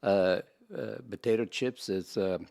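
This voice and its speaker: A man's voice: lowish voice, a little slow, gravelly, a little mellow, no echo, clean studio sound. A man co-hosting a casual podcast, joking and teasing in an easygoing way. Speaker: podcast co-host. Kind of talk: casual banter.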